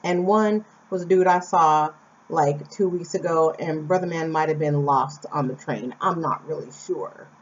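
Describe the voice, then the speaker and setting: A woman's voice: deep voice, unhurried, a little hiss or hum. A young American woman from Phoenix, telling a personal story in a chatty, casual way with asides to the viewer. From Phoenix, Arizona, USA. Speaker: vlogger. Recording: slightly dull lo-fi recording.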